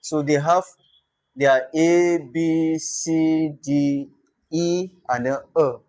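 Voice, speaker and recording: Slow-speaking Nigerian man teaching. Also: fairly high pitch. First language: Tyap. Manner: patient, pausing often to repeat and demonstrate sounds. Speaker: language instructor. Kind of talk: spoken language lesson.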